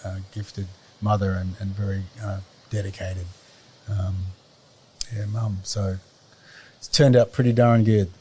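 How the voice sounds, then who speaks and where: A middle-aged Australian man chatting as a podcast guest, rambling and often pausing to search for words. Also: on the low side, little pitch movement, mellow, slight background noise. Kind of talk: casual conversation.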